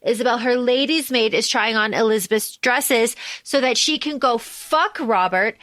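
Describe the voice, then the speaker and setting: Lively woman co-host, raised voice. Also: on the high side, moderate pace, dry recording. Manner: animated, acts out scenes in quoted voices, swears casually. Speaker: podcast co-host. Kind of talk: casual movie recap chat.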